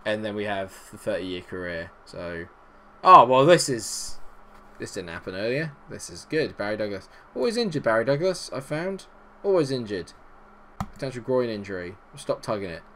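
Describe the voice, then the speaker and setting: A young man giving chatty, self-mocking let's-play commentary at his home computer, breaking into high, loud bursts of glee. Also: expressive, normal speed, a little hiss or hum. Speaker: gaming YouTuber.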